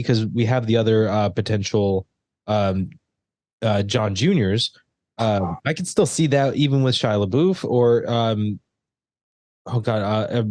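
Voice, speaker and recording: A man hosting a casual film podcast, talking in halting bursts full of fillers and restarts. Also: on the low side, darkish tone. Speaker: podcast host. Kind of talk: casual chat.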